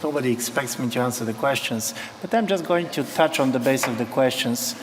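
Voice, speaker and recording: A man on a panel who answers questions in a relaxed, reflective way, in a conference hall. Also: mid-range voice, brisk. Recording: echoey hall with faint background noise.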